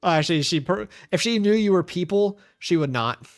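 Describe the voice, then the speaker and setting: A man streaming a video game, chatting in a casual, rambling way and talking softly to his pet. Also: sits high, expressive, normal speed, faint music behind. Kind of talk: casual chat while gaming.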